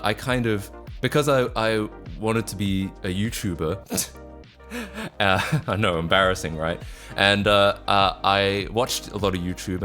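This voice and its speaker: A man's voice: fairly low pitch, a bit bright. A man in his twenties from Australia, with a mixed Australian, British and North American accent. He chats casually on a livestream, rambling with lots of fillers and restarts. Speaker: streamer.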